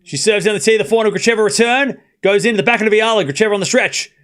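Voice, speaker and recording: A man giving casual live play-by-play of tennis for his stream, talking to chat and shouting at big points. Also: high voice, very fast. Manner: excitable, talks straight to chat, bursts of shouting at big points; casual and chatty, with slang and asides. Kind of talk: live watchalong play-by-play commentary.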